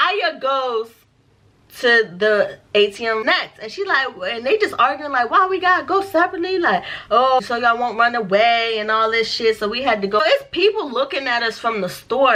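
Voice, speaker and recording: A young woman telling a storytime vlog, animated and profane, acting out what people said in slang. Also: on the high side. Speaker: vlogger.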